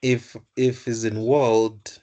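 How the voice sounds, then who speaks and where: A young man gives a live coding lesson, tutoring computer science and explaining code aloud while frequently correcting himself and repeating words. He speaks slowly in a medium pitch with a level, dark tone.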